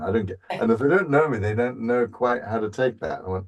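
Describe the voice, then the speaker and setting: A man's voice: lowish voice, expressive, brisk. A man guest on a podcast talking in a rambling, playful way, often restarting his thoughts. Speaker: voice actor guest. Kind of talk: casual podcast chat.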